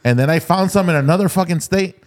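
A middle-aged man, a podcast co-host, telling stories in casual chat, animated and swearing freely. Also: high-pitched, quick pace, faint music behind.

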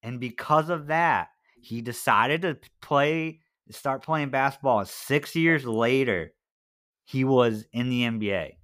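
Man, podcast co-host, storytelling, bright forceful voice, chatty. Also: mid-range voice, slow. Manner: chatty storyteller, fills with "like" and "right?". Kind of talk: casual chat, telling a story.

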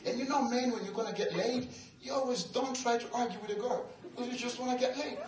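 A young man from Tanzania doing stand-up, telling a story in an animated way, acting out quotes and often laughing as he talks. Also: extremely high pitch, quick pace. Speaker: stand-up comedian. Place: large venue with live audience. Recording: echoey live venue, distant mic, loud crowd and noise.

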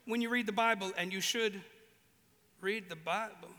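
A man preaching with a high, bright voice, animated and playful as he acts out little voices. His sound carries a long reverb from a big hall. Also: normal speed. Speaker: pastor. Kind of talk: sermon.

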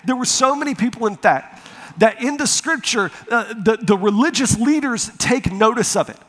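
A man preaching a sermon, telling a personal story with lively acted-out quotes before turning to scripture. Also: extremely high pitch, moderate pace. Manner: animated storyteller, acts out quotes. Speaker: pastor. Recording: reverberant hall.

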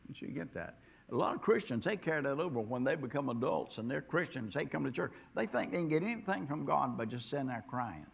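A man preaching a sermon, rambling and repeating himself, dropping to quiet asides and then rising to loud exhortation. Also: medium pitch, lively intonation, fast talker, creaky, slight background noise. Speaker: pastor.

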